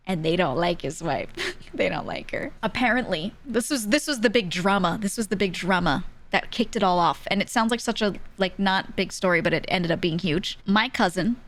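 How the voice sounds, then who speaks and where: A woman's voice: medium pitch, fairly bright tone. A woman streamer telling a story casually, laughing often between lines, candid and swearing freely.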